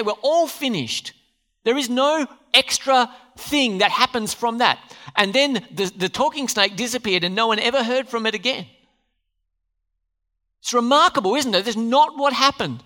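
A man preaching a sermon to his church, animated and quick to question the congregation. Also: very high voice. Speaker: pastor.

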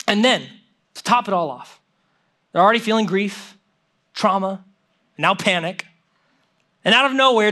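A young adult man preaching a sermon as a pastor, animated and conversational, with lots of casual fillers. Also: very high-pitched.

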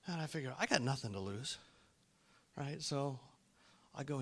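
A middle-aged man giving a sermon-style testimony as a lay speaker, telling his story in an animated way that swings from hushed asides to loud, fervent bursts. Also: mid-range voice, moderate pace.

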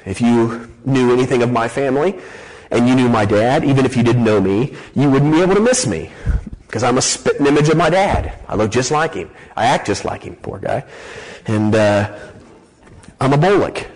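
Animated male pastor preaching. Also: mid-range voice, low-quality recording. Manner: animated, rising emphasis with frequent rhetorical okays and light joking. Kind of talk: sermon.

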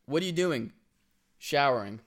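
Speaking at normal speed in an expressive mid-range voice, a young male co-host jokes through a casual comedy chat. He acts out text messages in quoted voices from an indoor room with a laptop.

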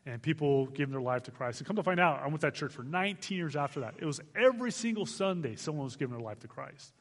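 A man in his forties from Arizona, a guest missionary speaker giving an animated testimony to a church, laughing as he tells it. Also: a little high, quick pace, big-room sound. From Arizona, United States. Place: church sanctuary.

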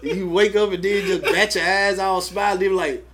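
A man's voice: high-pitched, steady tone, normal speed, fairly bright tone. A young man co-hosting a casual chat, laid-back, swearing freely and acting out groggy mornings. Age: young adult. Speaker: podcast co-host.

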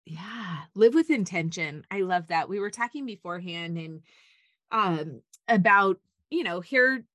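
Brief: middle-aged woman, podcast host, bright voice, dry close sound, chatty and eager. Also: lowish voice, lively intonation, a little slow, no echo. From United States. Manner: chatty, rambling, enthusiastic. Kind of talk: upbeat faith-based podcast chat.

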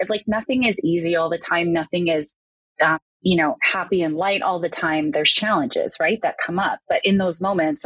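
A woman hosting a podcast interview, her voice a little low and husky. She talks in a reflective, rambling way, circling back and restarting her thoughts. The sound is dry and close. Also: fairly bright tone, dry recording, low-quality recording. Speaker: podcast host.

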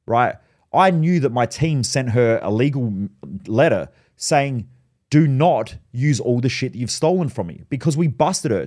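A man's voice: mid-range voice, a little mellow. A man hosting a solo podcast, telling stories in a blunt, profane way. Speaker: podcast host.

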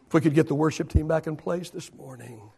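A man in his fifties preaching a sermon to a church, swinging between loud declarations and hushed whispers. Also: fairly high pitch, a little fast, vocal fry, breathy edge. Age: 50s. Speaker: pastor.

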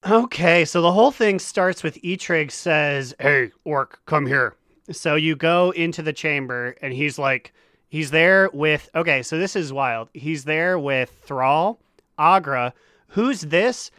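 Male podcast co-host, animated retelling, clean dry close-mic tone. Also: fairly high pitch, unhurried, smooth, dry recording. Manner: animated storytelling, acting out characters' lines. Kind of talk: casual gaming podcast chat.

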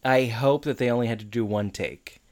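A co-host in casual chat, adding plot details and quick agreements. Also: mid-range voice. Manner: relaxed, chimes in with plot details and short agreements. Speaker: podcast co-host recapping a sitcom episode.

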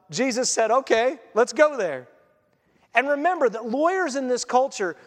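A man with a fairly high voice preaches a sermon, talking to the congregation in a casual, animated way. His voice carries with a long reverb from a large church hall. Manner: conversational, animated, laughs at his own points. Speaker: pastor.

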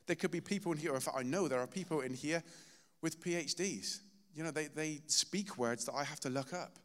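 A man's voice: on the high side, brisk, fairly bright tone. A man preaching a sermon in a church, telling personal stories in a conversational, self-deprecating way. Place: church hall. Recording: reverberant hall.

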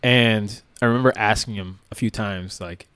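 A man's voice: on the low side, normal speed, clean tone, no room sound. A man, a former police officer, recounting a story casually with lots of fillers. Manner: relaxed, rambling with many fillers.

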